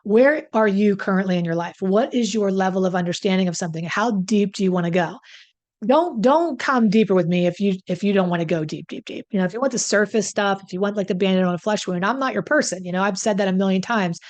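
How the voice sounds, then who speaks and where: A woman's voice: medium pitch, fast, darkish tone. A woman coach talks straight to her viewers in a conversational, emphatic way. She often throws in self-deprecating asides as she gives her advice. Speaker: relationship coach. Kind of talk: direct-to-camera advice talk.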